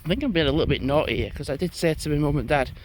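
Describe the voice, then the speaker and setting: A man's voice: a little high, very fast, slight background noise. A young man, chatting casually and rambling as he walks a moorland path, swearing now and then. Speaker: vlogger. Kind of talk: casual walking vlog. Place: outdoors on a moorland footpath.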